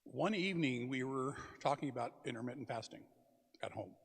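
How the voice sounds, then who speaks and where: Older man, interview guest, gravelly husky voice, plain talker, hall reverb. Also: medium pitch, lively intonation, brisk. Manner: plainspoken, self-deprecating. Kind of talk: casual interview. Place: church hall.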